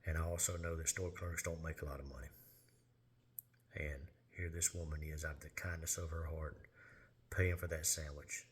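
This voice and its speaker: A man telling a personal testimony in an earnest, plain-spoken way with halting pauses. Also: extremely low pitch, little pitch movement, a little hiss or hum. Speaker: lay minister sharing testimony.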